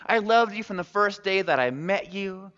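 A sweet little guinea pig reassures her sweetheart in a fable, spoken by a man. The voice rises a little and is soft and steady. The sound is dull and lo-fi, with a long echo from a large hall. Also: high-pitched, normal speed, voice pushed up. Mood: tender.

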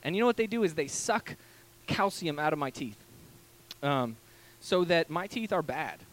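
A man, a pastor in his thirties, preaching a casual storytelling sermon from a church stage, animated and full of fillers. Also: fairly high pitch, moderate pace. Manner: animated, acts out quoted voices, many fillers.

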